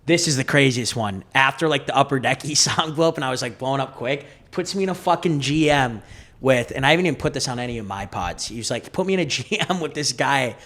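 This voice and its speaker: A man's voice: mid-range voice, quick pace, a bit bright. A young man guest on a podcast, chatting casually in a laid-back way, swearing often and laughing a lot. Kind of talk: casual chat.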